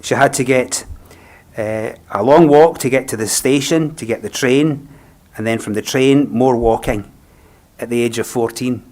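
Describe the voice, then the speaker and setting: A man with a Scottish accent, a funeral celebrant speaking a eulogy in a gentle, reflective, unhurried way. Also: mid-range voice.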